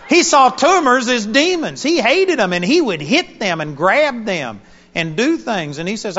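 Animated high-voiced male preacher. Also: measured pace, highs cut off. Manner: animated storytelling preacher with sudden loud bursts. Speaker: pastor. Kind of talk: sermon.

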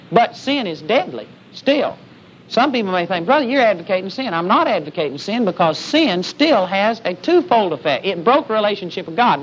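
A man's voice: sits high, a bit bright. A man preaching a sermon with emphasis, often calling out "amen?" to the congregation. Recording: dull lo-fi sermon recording with faint hiss.

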